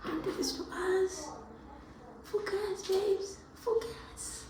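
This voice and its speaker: A tearful young woman whispering urgent, soothing words to herself, recorded from a distance on a quiet clip. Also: very high-pitched, steady tone, slow, very echoey. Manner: hushed, urgent, self-soothing. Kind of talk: whispered self-talk.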